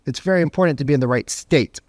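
A middle-aged man coaching salespeople in an energetic, conversational way, often checking in with "right?". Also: fairly high pitch, quick pace, no room sound, clean studio sound. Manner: acts out phone calls in animated voices. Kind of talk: motivational sales teaching.

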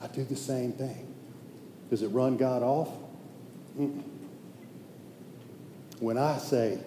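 A man preaching in a casual, emphatic way, his voice dark and mellow. He often sinks into a hushed, intense tone. The sound carries a long echo through a large hall, with faint noise behind it. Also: medium pitch, slow pace, long pauses. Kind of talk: sermon.

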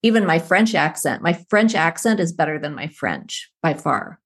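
Low-voiced woman telling stories. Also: sing-song, moderate pace, slightly rough. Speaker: psychologist guest. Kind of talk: conversational interview.

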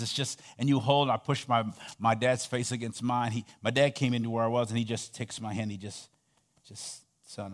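A middle-aged male pastor with a fairly low voice preaches, swinging from loud, emphatic peaks to soft, near-whispered passages. He leads call-and-response, having the congregation repeat phrases after him.

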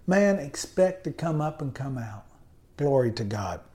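A man's voice: medium pitch, lively intonation, unhurried, dark tone. A man preaching a sermon in an emphatic style, often adding amens and hallelujahs. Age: adult with college degree. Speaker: pastor.

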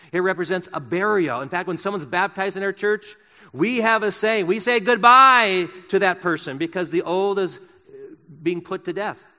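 Bright-voiced preacher in an echoing hall. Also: male voice, high voice. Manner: impassioned preaching, swinging from loud emphasis to soft and slow. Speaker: pastor. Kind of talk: sermon. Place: church sanctuary.

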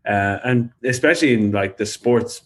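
A man co-hosting a podcast in casual chat, animated and rambling, with lots of filler words. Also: medium pitch, moderate pace. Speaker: podcast co-host.

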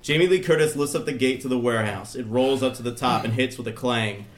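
A man's voice: mid-range voice, quick pace. A man narrating scene directions for a comedy podcast, giggling through his slips. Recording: echoey room.

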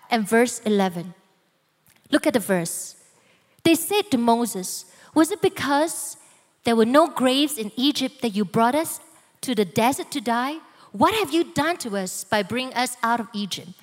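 High-voiced woman preaching in a hall. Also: a bit bright. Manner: dramatic, slow emphatic delivery with voiced quotes. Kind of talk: sermon.

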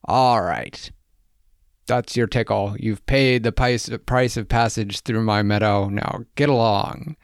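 Man doing the tickling wolf, gravelly and slow. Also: fairly low pitch, no room sound, studio quality. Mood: bossy. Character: gruff male wolf who loves tickling.

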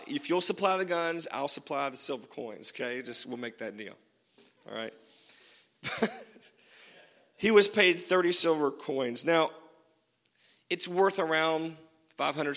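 Bright-voiced joking pastor in a reverberant hall. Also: male voice, medium pitch, a little slow, creaky, long pauses. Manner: casual and joking, many fillers. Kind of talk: sermon.

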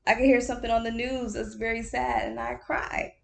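A woman's voice: fairly high pitch, little pitch movement, a little fast, creaky. A woman hosting her own podcast in a casual solo chat. She talks candidly, laughs often, repeats phrases for emphasis and calls the listener baby or honey. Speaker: podcast host.

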